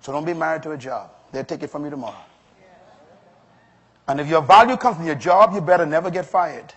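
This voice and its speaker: A man's voice: fairly high pitch, brisk, fairly bright tone, husky. A male pastor delivering an emphatic sermon to a congregation, rising to strong exclamations. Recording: long hall reverb.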